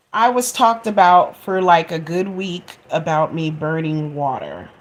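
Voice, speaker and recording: A woman in her forties telling a funny home story to her viewers in a chatty, expressive way and laughing at herself. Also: fairly low pitch, a little slow, hardly any pauses. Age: 40s. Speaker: vlogger. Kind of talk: casual storytelling to camera.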